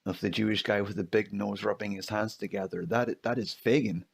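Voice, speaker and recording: Male co-host, casual film chat, curious questioner, gravelly low voice. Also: fairly even intonation, brisk. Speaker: podcast co-host.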